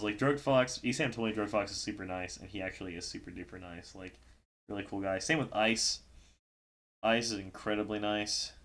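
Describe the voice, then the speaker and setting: A man with a lowish, slightly bright voice casually tells a story on a livestream. He's a stream host recapping a tournament, rambling with plenty of fillers and breaking into laughter along the way.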